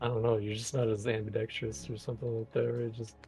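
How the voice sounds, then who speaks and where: A man co-hosting a gaming podcast, chatting casually with relaxed, joking reactions. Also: on the low side, quick pace, soft background music. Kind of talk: casual chat.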